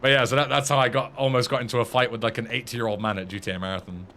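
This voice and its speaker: A man's voice: medium pitch, very fast, slight background noise. An English man streaming a game, chatting casually and telling a story with lots of swearing. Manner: animated storyteller who swears freely. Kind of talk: casual chat while gaming.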